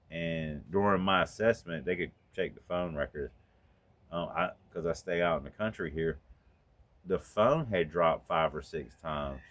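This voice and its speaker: Speaking directly to his viewers from his country home, a middle-aged storytelling vlogger from North Carolina recounts a personal story in a casual, raw, and profane monologue. His voice is very deep, with a slightly bright quality.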